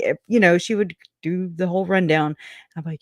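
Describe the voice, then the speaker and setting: A woman's voice: fairly low pitch, fairly even intonation, normal speed, no echo, clean studio sound. A woman who is a guest on a casual livestream chat over a video call, talking in a candid, folksy way and laughing often.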